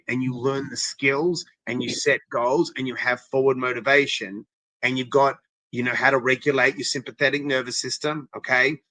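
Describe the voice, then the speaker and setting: A man's voice: medium pitch, bright, forceful tone, no echo. A man giving an emphatic, coaching-style interview as a guest interventionist, often checking in with "okay?" and "right?". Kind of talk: motivational interview talk.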